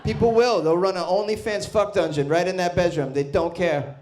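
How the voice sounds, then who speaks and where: A man doing a stand-up comedy set, brash and profane, bursting into loud shouts. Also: sits high, fairly quick. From Boston. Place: comedy club stage.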